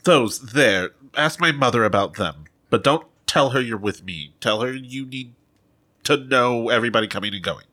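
A man playing a tabletop role-playing game, laughing often and sharp-tongued in character. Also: mid-range voice, lively intonation, normal speed. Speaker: player.

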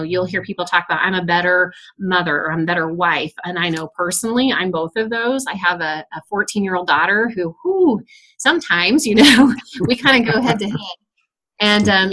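A woman's voice: mid-range voice, a bit bright. A middle-aged woman, a school principal, answering interview questions in an earnest storytelling way with frequent laughs.

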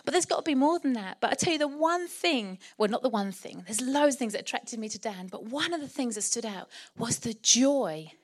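A woman's voice: a little high, animated, a little fast, hardly any pauses. A middle-aged woman with an Essex accent, preaching a sermon in church in a chatty storytelling way and laughing often.

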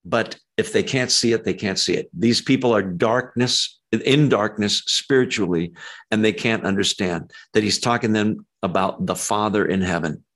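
Animated man preaching a verse-by-verse sermon. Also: normal speed. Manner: animated, acts out quoted lines with rising pitch; conversational with frequent ums. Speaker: pastor. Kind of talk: expository sermon.

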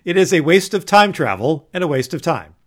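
A man's voice: on the high side, very animated, fairly quick, a bit bright. Dry, sardonic podcast co-host man. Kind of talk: casual chat.

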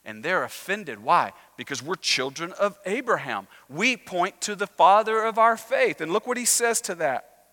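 Bright-voiced pastor preaching in a reverberant church. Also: male voice, sits high, expressive, moderate pace. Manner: conversational, engages the congregation with questions. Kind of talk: sermon. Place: church sanctuary.

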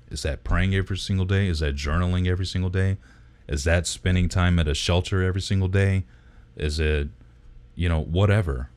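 A man with a remarkably deep, dark voice holds forth in casual podcast chat, emphatic and a little preachy, with curse words thrown in. The sound is dry and close with no room around it. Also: no room sound. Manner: emphatic, preachy, sprinkled with swearing.

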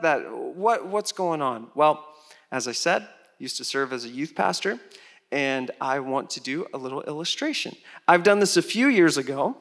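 A man preaching a sermon as pastor, animated, with loud rises, soft drops and chatty asides to the congregation. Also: a little high, creaky.

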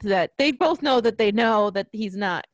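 A woman's voice: mid-range voice, expressive, normal speed, dry recording. A woman co-hosting a podcast, chatting casually and giggling about a movie. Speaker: podcast co-host.

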